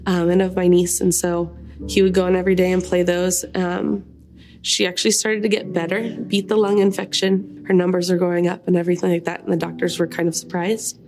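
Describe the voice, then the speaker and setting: A woman giving a personal testimony, speaking softly and reflectively with many pauses. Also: fairly low pitch, level tone, poor audio. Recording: music playing underneath. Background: guitar music.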